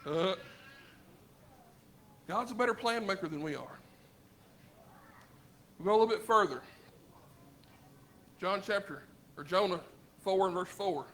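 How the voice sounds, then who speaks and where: In a church sanctuary, a Southern US man preaches in a very high, bright, ringing voice, talking conversationally and firing off rhetorical questions. He shifts from loud, emphatic lines to quiet asides at a measured pace, pausing often, with slight background noise.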